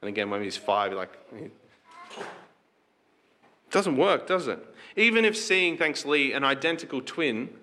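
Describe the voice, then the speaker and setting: Man, pastor, conversational sermon, rhetorical questions, bright tense tone. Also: mid-range voice, sing-song, unhurried, long pauses.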